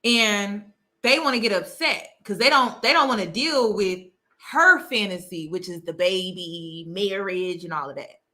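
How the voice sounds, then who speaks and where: Bright-voiced woman hosting an emphatic commentary. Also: medium pitch, a little slow. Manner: emphatic, repeats key phrases. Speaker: host. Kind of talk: casual commentary to camera.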